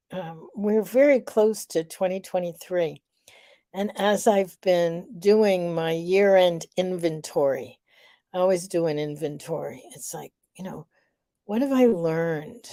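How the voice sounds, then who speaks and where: A middle-aged woman hosting a live vlog, reflective and unhurried, a little out of breath. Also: on the low side, no echo, clean studio sound. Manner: warm, reflective, unhurried with many fillers. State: slightly out of breath. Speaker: vlog host.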